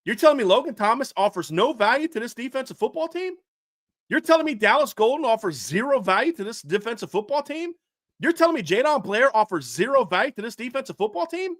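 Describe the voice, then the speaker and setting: A man's voice: very high-pitched, big pitch swings, fast talker, a bit bright, no room sound, clean studio sound. Fired-up man ranting about football. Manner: fired up, ranting, repeats himself with restarts. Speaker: sports podcast co-host. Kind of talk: heated sports commentary rant.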